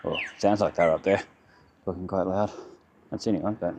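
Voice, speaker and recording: A man's voice: low voice, steady tone, normal speed, a little mellow, slight background noise. A man giving a rambling walking tour of his town, chatting in short self-correcting fragments as he walks outdoors. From Australia. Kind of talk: casual walking-tour commentary. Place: outdoors on town streets by a river.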